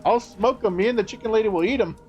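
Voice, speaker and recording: A man's voice: high-pitched, fast talker, highs cut off, soft background music. A man streaming a game live, chatting casually, swearing and laughing as he banters with his chat. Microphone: streaming microphone.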